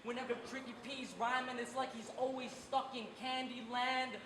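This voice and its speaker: Man, battle rapper, mocking delivery, loud noise behind, echoey live room. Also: very high-pitched, little pitch movement, normal speed. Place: live event venue.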